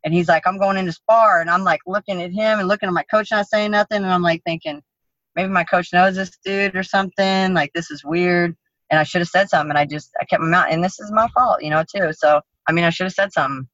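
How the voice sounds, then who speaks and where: A woman tells her story bluntly and profanely, with a lot of animation. Her voice is bright and forward. The recording is dry and a little dull. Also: on the low side, steady tone, quick pace, no echo. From United States. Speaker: interview guest, MMA fighter. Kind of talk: casual storytelling interview.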